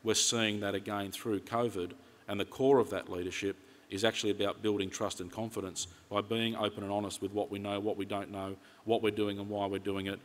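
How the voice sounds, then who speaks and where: A middle-aged Australian man giving a conference keynote speech, earnest and steady, telling his points in detail. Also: lowish voice. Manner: earnest, retells conversations in detail. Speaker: keynote speaker. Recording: reverberant conference hall.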